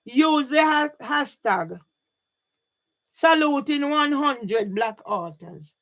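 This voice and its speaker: High, bright-voiced Jamaican woman ranting. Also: lively intonation, slow. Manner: confrontational, repeatedly calling out one man by name. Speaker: vlogger. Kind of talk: angry direct-address rant.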